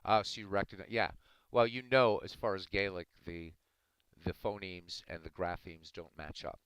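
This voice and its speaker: Deep-voiced man arguing with chat. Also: fairly even intonation, normal speed, fairly bright tone, clean tone, dry recording, low-quality recording. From Ireland. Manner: argumentative, talking back to chat. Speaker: live streamer reading chat. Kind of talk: casual livestream chat.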